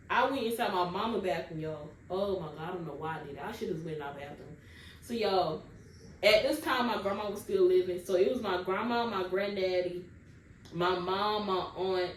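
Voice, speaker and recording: A woman's voice: on the low side, normal speed. Young woman, casual storytime vlogger, talks right to her viewers, distant mic in an echoey room. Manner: chatty, keeps addressing viewers directly. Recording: roomy, distant mic, faint background noise.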